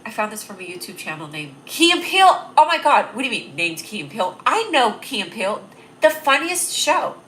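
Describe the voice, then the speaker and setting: A woman's voice: medium pitch, sing-song, brisk, hardly any pauses, sharp tone, a little hiss or hum. A young woman hosting a casual livestream, bubbly and rambling, laughing at her own jokes. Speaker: livestream host.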